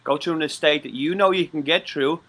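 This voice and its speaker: A man's voice: on the high side, brisk, fairly bright tone. An Irish man from Ireland chatting on a live-stream talk show, rambling and swearing, with many stammered restarts. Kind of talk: casual live-stream chat.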